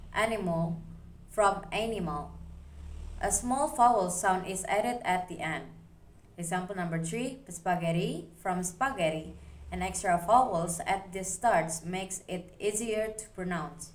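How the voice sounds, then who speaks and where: A woman reading a phonology class presentation aloud, slowly working through examples one at a time. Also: medium pitch. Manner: slow, careful, reads examples one by one. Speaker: student presenter.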